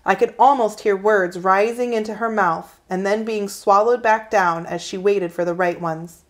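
A woman reading a children's novel aloud in a calm, steady storytelling manner. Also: medium pitch, normal speed, hardly any pauses. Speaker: reader.

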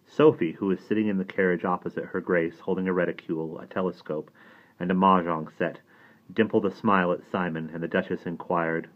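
A man reading a novel aloud in steady audiobook narration. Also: sits low, a little fast. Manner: steady storytelling. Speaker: audiobook reader. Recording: tinny phone-like sound.

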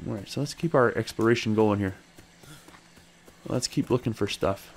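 A man hosting a let's play, chatting as he plays, thinking aloud and talking to his character, with sudden excited high exclamations. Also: moderate pace. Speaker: gaming channel host.

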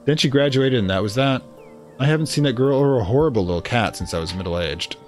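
A man's voice: mid-range voice, animated, fairly quick, darkish tone, soft background music, close to an everyday voice. A man doing a genteel, haughty older woman. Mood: wry. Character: prickly older woman, old rival of the aunt.

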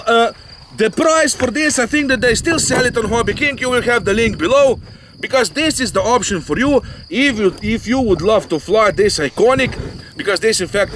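Brief: high-voiced male host, jokey and rambling, outdoor field recording with loud insect noise. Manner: joking, rambling, non-native phrasing. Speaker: channel host, RC pilot. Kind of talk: casual outdoor chat.

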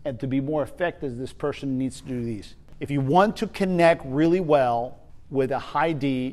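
A man giving a spoken leadership lesson, energetic and emphatic, often repeating his key points. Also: medium pitch, moderate pace. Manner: energetic, emphatic, uses repetition. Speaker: leadership trainer.

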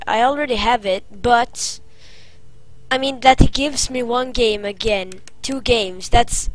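A woman's voice: fairly high pitch, low-quality recording. A woman commenting as she plays a horror game, easily startled and crying out at jump scares. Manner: jumpy, cries out at jump scares. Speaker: game player. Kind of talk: let's play commentary.

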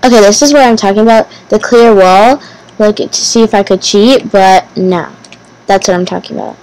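A woman giving casual gameplay commentary as host of her channel, talking to herself nervously, repeating phrases and bursting into excited exclamations. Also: mid-range voice, moderate pace, rough recording. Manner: nervous, anxious self-talk, repeating phrases.

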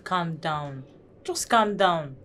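An actress playing a sensible friend who gives calm advice, speaking with a Nigerian English accent. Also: female voice, lowish voice, slow, a little hiss or hum. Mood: advising. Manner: calm, advising. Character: young woman, the maid's calm, sensible friend.

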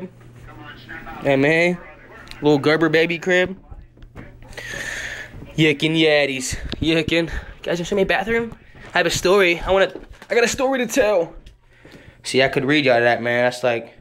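A man's voice: fairly high pitch, moderate pace, long pauses, fairly bright tone. A young man giving a rambling, hyper home tour on a handheld camera, talking in slangy, profane bursts indoors at home.

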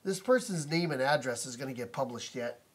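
This vlogger's medium-pitched voice is expressive, fairly quick and breathy-edged as he rages at camera from home over a noisy neighbor. He repeats himself indignantly and swears a lot, recorded on a phone or camera mic.

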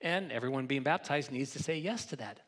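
A man's voice: medium pitch, lively intonation, a little fast. A man preaching a sermon as pastor in a church, talking conversationally and often restarting and repeating words. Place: church sanctuary.

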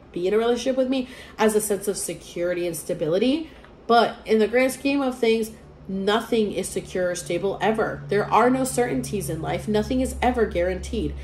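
A young woman telling a story in a casual vlog, rambling and animated with lots of fillers. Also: medium pitch, slight background noise. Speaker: vlogger. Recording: echoey room with faint ambience.

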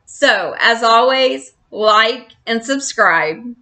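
A woman reading a children's chapter book aloud in an expressive storyteller's manner. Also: a little high. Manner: slow, expressive.

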